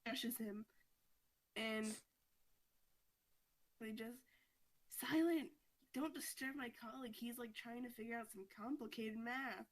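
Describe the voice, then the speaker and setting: Chatty podcast girl retelling a comic, kinda high voice, lots of "like". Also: steady tone, measured pace, long pauses, fairly bright tone, low-quality recording. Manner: chatty, fillers of "like", frequent laughter. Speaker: podcast host. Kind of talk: casual recap of a comic story.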